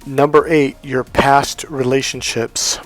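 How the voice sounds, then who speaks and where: A man's voice: medium pitch, little pitch movement, slow. A blunt, emphatic man coaching on relationships, speaking in a mid-range voice. He talks straight to the listener and acts out the voices he quotes, over faint background music. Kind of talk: motivational advice monologue.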